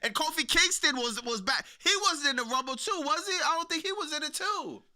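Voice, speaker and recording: A young man casually reacting to wrestling news, slangy and animated, laughing often. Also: extremely high pitch, brisk. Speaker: wrestling commentary streamer.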